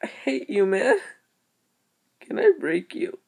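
A young woman giving casual game commentary, excitable, exclaiming and muttering to herself as she plays. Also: lowish voice, slow. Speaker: gaming video creator.

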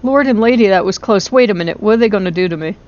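A woman commenting on her own horror game playthrough into a close microphone, excitable and quick to shriek and laugh. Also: mid-range voice, highs cut off. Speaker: gaming video host. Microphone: close desk microphone.

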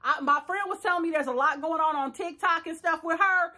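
Sassy high-voiced woman recapping reality TV. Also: fairly quick. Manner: sassy, animated, talks straight to the viewer. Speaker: reality show recap host.

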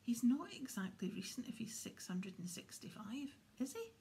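A woman's voice: fairly high pitch, big pitch swings, moderate pace, warm tone. A woman voicing a grumpy, sarcastic schoolboy in whispered role-play.

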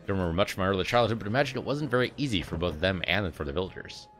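A man's voice: low-pitched, animated, very fast, a bit bright, soft background music. A man reading out game dialogue for a rambling, boastful elf companion who used to be a miner. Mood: fond.

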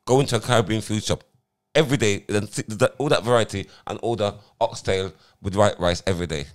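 A man, co-hosting a podcast in lively, argumentative banter. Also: lowish voice, fairly quick. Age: 40s. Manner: animated, laughing, cuts in to argue his point. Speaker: podcast co-host. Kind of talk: casual banter.

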